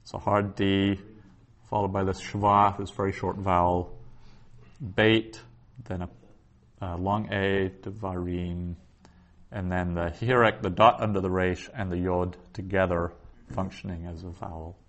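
A man teaching a Hebrew lesson, explaining slowly and thinking aloud with frequent restarts. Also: low voice, little pitch movement. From the West. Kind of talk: lecture on Biblical Hebrew.

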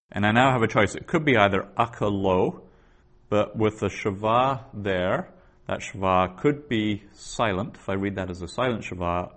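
A man with a very deep voice teaches a grammar lesson at an unhurried pace. He explains patiently and methodically, stopping to restart his sentences as he works through each point. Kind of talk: biblical Hebrew lesson.

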